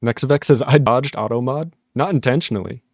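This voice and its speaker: A man's voice: medium pitch, a little fast, dry recording, studio quality. A man on a casual live stream, reading chat messages aloud, laughing often and puzzled by the jokes.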